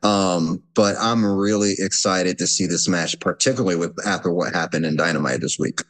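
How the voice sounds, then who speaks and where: Low-voiced, earnest male podcast guest. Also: moderate pace, a bit bright. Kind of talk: casual chat.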